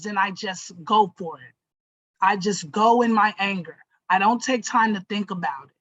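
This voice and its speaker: A young adult woman teacher giving a gentle lesson to children, encouraging them and often checking in with "right?" and "okay?". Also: medium pitch, no echo, highs cut off.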